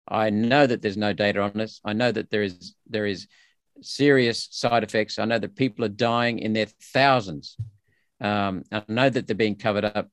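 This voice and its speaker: The recording is dry and studio quality, carrying the low-leaning voice of an Australian politician being interviewed on a podcast. He speaks with emphatic indignation and restarts often.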